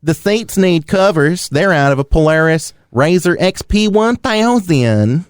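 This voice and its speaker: A man's voice: a little high, lively intonation, measured pace, clean tone, no echo, studio quality, voice pushed up. A man putting on a folksy Tennessee car seller. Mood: mocking.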